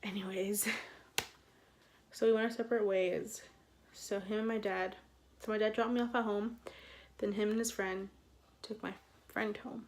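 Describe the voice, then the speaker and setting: A young woman in a casual storytime vlog, animated and swearing, acting out what people said. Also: medium pitch, unhurried, long pauses, a little hiss or hum. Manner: animated, swearing, acts out quotes with laughs. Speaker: vlogger.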